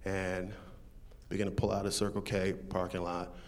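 A man, a comedian, telling a true story to a live audience in a relaxed, conversational way, chuckling now and then. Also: sits low, normal speed.

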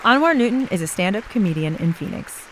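A woman, creator of a storytelling series, reading a scripted promotional announcement clearly. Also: mid-range voice, expressive, quick pace, a crowd in the background, noisy background.

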